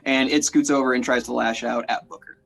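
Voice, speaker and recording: A man's voice: mid-range voice, steady tone, brisk, creaky, fairly bright tone, soft background music. A man running a tabletop game as game master, narrating in a playful, chatty way with lots of fillers.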